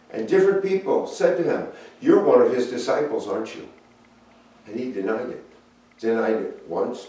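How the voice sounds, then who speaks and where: In a church room, a man teaches an adult Sunday school Bible lesson, telling the story unhurriedly and reflectively with pauses. His voice is medium-pitched and a little mellow, and the recording is very echoey with the mic far off.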